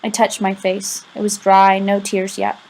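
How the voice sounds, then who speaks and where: A woman's voice: medium pitch, completely flat delivery, measured pace, creaky, darkish tone, low-quality recording. A woman reading a first-person novel aloud in a conversational, confiding way with casual asides to the listener. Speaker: audiobook reader.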